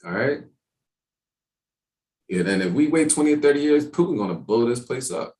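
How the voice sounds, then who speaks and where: A man teaching an evening Bible class in a casual, streetwise way, talking in animated asides. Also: mid-range voice, moderate pace.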